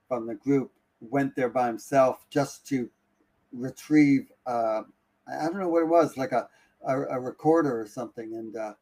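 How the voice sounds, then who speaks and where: A man in the middle of his own range, telling a story casually on a live talk stream. He keeps restarting his sentences and drops to a hush at the tense parts. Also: medium pitch. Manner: animated, breathless retelling with many restarts. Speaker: guest.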